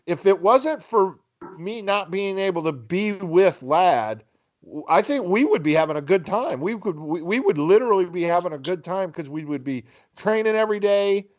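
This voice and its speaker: A man's voice: high voice, expressive, moderate pace. A man chatting casually on a podcast, often stalling and repeating his words as he speaks. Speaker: podcast co-host. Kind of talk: casual late-night chat. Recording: dull lo-fi sound.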